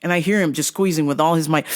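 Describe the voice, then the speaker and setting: Animated, profane podcast storyteller. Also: mid-range voice.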